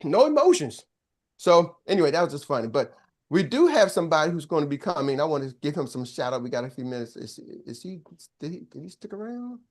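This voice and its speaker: A man's voice: a little high, lively intonation, fast. An older man, a business coach, telling a story to an audience in a casual, slangy way and acting out both sides of each conversation.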